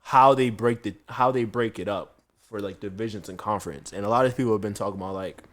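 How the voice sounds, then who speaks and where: A man hosting a casual podcast, an animated storyteller who laughs often. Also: on the low side, fast. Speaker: podcast host and chef.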